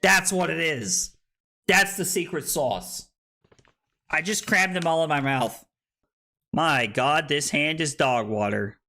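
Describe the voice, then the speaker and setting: Male streamer, tipsy, loud, swears a lot; very animated delivery with a bright edge. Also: fairly high pitch, slow pace, gravelly, long pauses. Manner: loud, swearing, jokey, often laughing. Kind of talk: casual live-stream chat. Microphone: streaming microphone.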